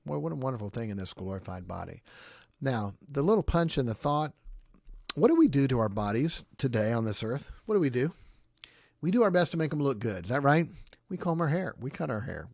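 A man hosting a podcast, giving an informal devotional talk in an animated, conversational way, often asking listeners questions. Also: medium pitch, a little fast, vocal fry, dry recording, clean studio sound. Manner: animated, mimics groans, chuckles often. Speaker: podcast host.

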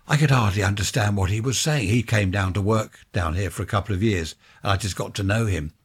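Husky, low-voiced older Englishman rambling. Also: brisk. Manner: chatty, wandering, with chuckling asides. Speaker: podcast host. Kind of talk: rambling casual monologue.

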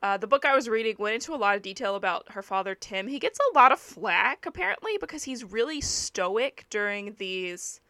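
A young woman telling a story in a casual podcast chat, with many fillers and lively asides. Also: medium pitch, brisk, few pauses, dry recording. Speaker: podcast co-host. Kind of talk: casual true-crime chat, reading aloud.

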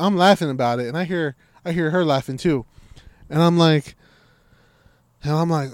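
A man with a somewhat high voice tells a story in casual conversation. He swears constantly and acts out the voices of the people in it. The sound is dry and close. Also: measured pace, pauses often, no room sound. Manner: profane, animated storytelling with acted-out quotes. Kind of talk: casual chat.

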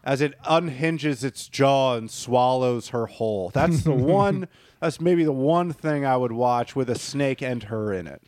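A man co-hosting a casual podcast and swearing freely as he works himself into rants. His voice sits at an ordinary pitch. It is recorded close and dry. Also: unhurried, few pauses, darkish tone, no room sound. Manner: profane, ranting, gets worked up. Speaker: podcast co-host.

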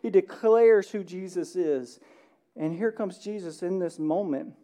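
A man pastor preaching a sermon, animated, swinging between loud emphasis and hushed passages, often asking the room "right?". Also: high-pitched, measured pace. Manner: conversational, asks the room "right?".

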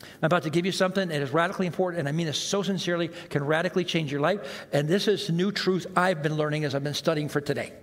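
Animated high-voiced preacher man in a hall. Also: quick pace. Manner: animated, self-mocking, acts out quoted reactions. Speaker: pastor. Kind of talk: sermon. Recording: long hall reverb.

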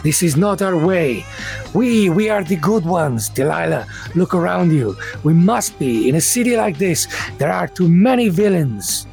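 A man voicing a stern, quick-tempered detective father scolding his daughter in a tabletop game. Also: fairly high pitch, lively intonation, vocal fry, darkish tone, soft background music, voice pushed up. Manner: exasperated, scolding.

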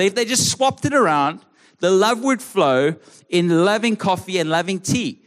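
Earnest high-voiced male pastor preaching. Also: lively intonation, moderate pace. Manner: conversational, earnest, frequent restarts and stammered repeats. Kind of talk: sermon. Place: church service.

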